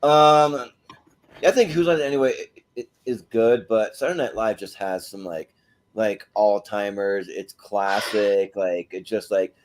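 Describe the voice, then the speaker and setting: A man's voice: fairly low pitch, darkish tone. A man chatting casually on a remote panel, rambling with many fillers and laughing often. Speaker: panel regular voting on TV shows. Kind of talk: casual chat.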